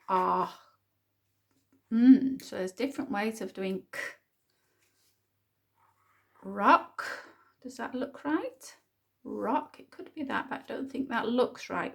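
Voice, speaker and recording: A woman teacher, thinking aloud and sounding out words slowly in a phonics lesson for young children. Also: mid-range voice, creaky. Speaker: primary school teacher.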